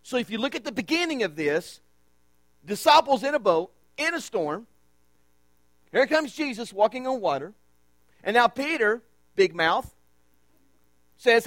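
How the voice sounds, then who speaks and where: A man preaching a sermon as pastor, emphatic and repetitive, with dramatic pauses. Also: very high-pitched, sing-song, fairly bright tone, no echo. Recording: dry with mains hum.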